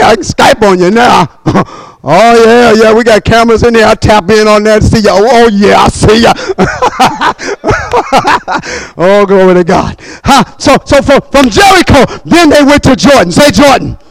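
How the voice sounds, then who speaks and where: Preacher, male, very high voice, dry close sound; calls to the congregation, shouts, repeats himself. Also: animated, vocal fry, no echo, rough recording. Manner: call-and-response preaching, bursts of shouting, quick repetitions. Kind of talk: sermon.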